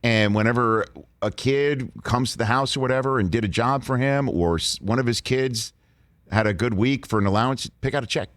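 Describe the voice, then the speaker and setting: A man's voice: mid-range voice, a little fast, a bit bright, no room sound, studio quality. A man hosting a sports talk show, chatting casually and with enthusiasm. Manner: enthusiastic, exclaiming.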